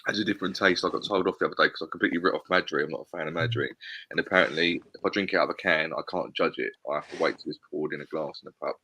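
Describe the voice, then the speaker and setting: A man's voice: rumbling low, steady tone, pushed and bright, a little hiss or hum. A man who is a regular on a live fan show, chatting in a slangy, offhand way over a video call. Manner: slangy, quick, offhand banter. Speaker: regular panelist. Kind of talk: casual chat.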